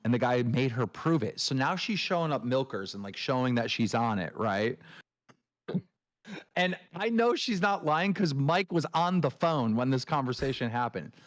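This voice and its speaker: A man hosting a livestream, telling a long story in a ranting, swearing way and mimicking others in shrill voices. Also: very animated, moderate pace. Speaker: show host. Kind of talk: casual livestream chat.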